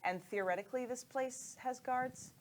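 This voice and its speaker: A woman's voice: high voice, moderate pace, a little hiss or hum. A woman playing her character in a tabletop game, playful and acting out her reactions. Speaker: player.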